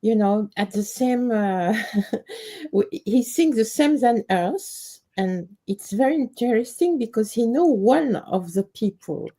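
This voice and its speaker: A woman from France with a French accent, hosting a live stream in English, her second language. She talks haltingly and searches for words. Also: on the high side, very animated, warm tone, slightly rough.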